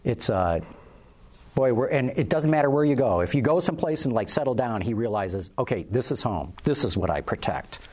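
A man's voice: medium pitch, expressive, fairly quick, a little mellow. A man hosting a casual talk show, rambling and restarting his sentences. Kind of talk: casual panel chat.

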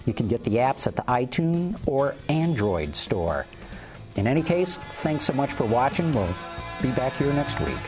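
A man's voice: mid-range voice, big pitch swings, moderate pace, over music. A man hosting a casual talk show, rambling and restarting his sentences. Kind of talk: casual panel chat.

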